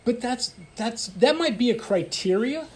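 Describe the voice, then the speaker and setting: A man's voice: extremely high pitch, lively intonation, a little slow. A middle-aged man from the United States in a casual interview, talking emphatically in bursts with frequent restarts. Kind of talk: casual conversation.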